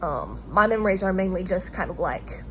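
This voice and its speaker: A woman's voice: fairly low pitch, animated, a little fast, fairly bright tone, a little hiss or hum. A woman with a Southern US accent talking straight to her own camera in a casual, rambling monologue, hesitant and full of restarts and fillers. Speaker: vlogger speaking to camera. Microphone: camera recording herself.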